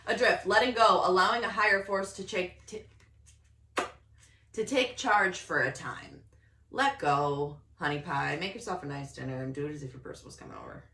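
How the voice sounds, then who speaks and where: A woman giving a casual, excitable tarot reading to camera from her home office, often laughing. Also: lowish voice, normal speed, recorded from a distance. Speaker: tarot reader. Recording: roomy echo, voice a bit off-mic.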